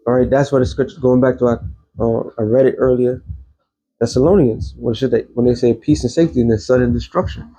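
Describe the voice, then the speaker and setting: A man's voice: mid-range voice, fairly quick, mellow. A man giving a casual, rambling religious commentary as an online host, blunt and quoting scripture.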